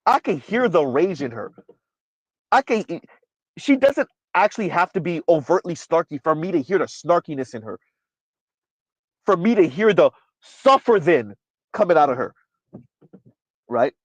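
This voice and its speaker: Emphatic stream host, man, pitched a little high, dry close mic. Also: big pitch swings, moderate pace, pauses often, dry recording, poor audio. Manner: emphatic, repeats "right?" often. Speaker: commentary channel host. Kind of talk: livestream commentary reading chat.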